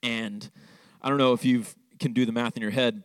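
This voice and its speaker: A young man delivers a sermon like a story told among friends, with lots of "like" and restarts. His pitch sits at a middling level for a man, and the sound is close and dry, with hardly any room in it. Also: normal speed, a bit bright, no echo. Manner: conversational, fillers like "like". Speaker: pastor.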